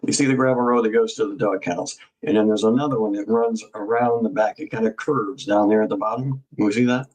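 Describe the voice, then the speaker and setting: A man in a casual live discussion, guiding through a map with halting speech and many fillers and restarts. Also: lowish voice, fairly even intonation, a little mellow, rough recording.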